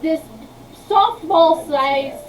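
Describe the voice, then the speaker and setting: Woman GM narrating, highish voice, keeps restarting, bit far from the mic. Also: slight background noise. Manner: rambling, halting narration with many restarts. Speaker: game master. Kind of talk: narrating a tabletop game.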